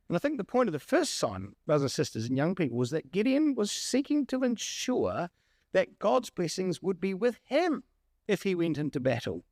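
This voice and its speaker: Animated preacher man with lively pitch. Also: normal speed, no room sound, clean studio sound. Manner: animated, asks rhetorical questions. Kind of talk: sermon.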